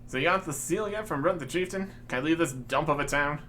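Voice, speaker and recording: A man's voice: a little high, brisk, bright, forceful tone, a little hiss or hum. A man voicing a rude, scornful male sailor who sneers and talks with contempt while reading game dialogue. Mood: impatient.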